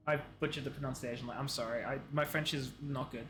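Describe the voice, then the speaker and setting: A woman streaming a game, reacting with quick exclamations and laughs as she reads in-game letters aloud. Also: very deep voice, fairly even intonation, a little hiss or hum. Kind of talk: gameplay commentary with read-aloud letters. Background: faint game music.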